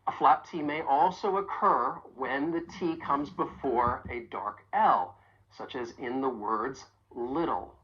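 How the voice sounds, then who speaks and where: A woman with a remarkably deep, low voice leads a pronunciation lesson. She speaks clearly and deliberately, leaning on each sound so learners can copy it. The recording sounds a little dull and muffled. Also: a bit bright. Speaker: accent coach.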